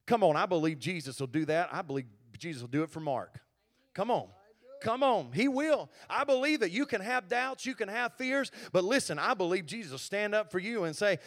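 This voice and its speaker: Impassioned high-voiced pastor. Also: male voice, very animated, moderate pace. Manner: impassioned, building to loud exhortation. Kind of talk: sermon.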